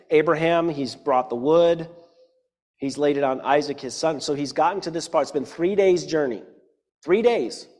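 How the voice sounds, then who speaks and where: A man's voice: medium pitch, a little mellow, big-room sound. A man in his forties preaching a sermon, talking conversationally and making joking asides to his congregation. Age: 40s. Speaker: pastor.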